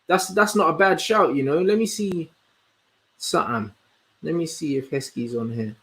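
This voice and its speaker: A young man, hosting a casual livestream and chatting in an animated, slangy way as he answers comments. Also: fairly high pitch. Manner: slangy, animated, answers chat with quick asides. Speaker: host.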